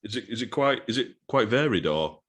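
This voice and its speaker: A man hosting a casual podcast, asking relaxed, curious questions in laid-back slang. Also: mid-range voice, a little fast. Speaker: podcast host.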